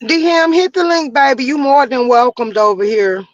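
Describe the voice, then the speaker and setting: A woman's voice: sits high, animated, normal speed, no echo, lo-fi sound. A woman hosting a live-stream chat, calling guests baby and boo and keeping the talk on track. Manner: calls people baby and boo, steers the talk. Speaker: host of a live show.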